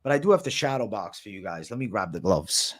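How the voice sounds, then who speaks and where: A man's voice: fairly low pitch, lively intonation, a little fast, husky. A man hosting a livestream, casually answering chat with slang and frequent swearing. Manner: profane, slangy, reads and answers chat comments.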